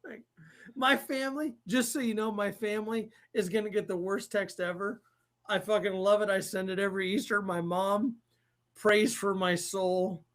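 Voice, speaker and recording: Male co-host, casual stream banter, profane, quick to laugh. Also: high-pitched, fairly bright tone. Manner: crude, joking, laughs often. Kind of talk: casual chat.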